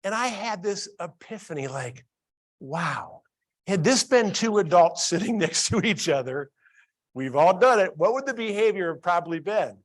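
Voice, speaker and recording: A man with a fairly high voice gives a training talk to a live audience. He tells a story and keeps turning to the crowd with questions. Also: expressive, normal speed. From Columbus, Ohio. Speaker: workplace training speaker.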